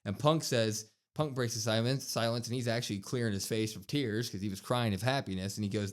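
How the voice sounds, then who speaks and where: A brisk, mid-range male voice with hardly any pauses recaps a wrestling podcast episode in casual chat. The co-host is animated and delivers quotes in a raised, acted-out voice.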